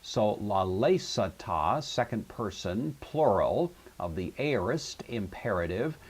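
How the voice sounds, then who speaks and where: A man giving a recorded lesson on Greek grammar, working through exercises in a methodical way with many pauses and fillers. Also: fairly low pitch, lively intonation, husky. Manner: methodical, thinks aloud with frequent fillers. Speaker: Greek teacher.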